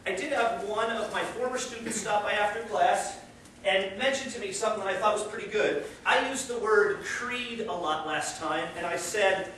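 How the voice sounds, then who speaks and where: Male lecturer, high-voiced, encouraging and conversational, distant mic in an echoey classroom. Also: normal speed, slight background noise. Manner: conversational, encouraging, animated storyteller. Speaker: college religion teacher. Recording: echoey classroom, heard from far off.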